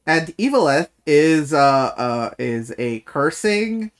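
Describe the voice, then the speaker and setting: A man talks through a book's plot on a podcast in a casual, animated way. He leans on sarcasm, laughs easily and swears freely while recapping. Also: fairly high pitch, slow, clean tone. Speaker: podcast co-host. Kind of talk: casual book discussion.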